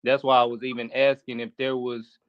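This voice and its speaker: A man's voice: medium pitch, little pitch movement, fairly quick, no echo, muffled recording. A man in a debate, speaking carefully and hesitantly, often restarting his sentences. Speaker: debate participant. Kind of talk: debate, calm and hedging.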